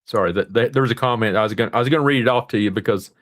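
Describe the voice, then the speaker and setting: A man's voice: mid-range voice, rapid-fire. A male host chatting casually and jokingly, reading out viewer comments. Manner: reads out viewer comments, jokey. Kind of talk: casual chat.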